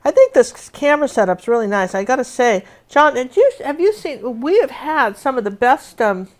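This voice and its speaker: A woman's voice: sits high, sing-song, normal speed. A woman teaching a live painting lesson, chatting and telling rambling stories while she works. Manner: rambling, chatty storyteller with many asides. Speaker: painting instructor.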